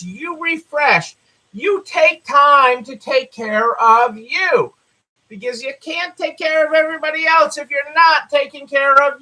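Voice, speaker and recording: High bright-voiced rambling male host. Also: low-quality recording. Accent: Southern American. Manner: rambling, repeats phrases, many fillers. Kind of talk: casual live-stream chat.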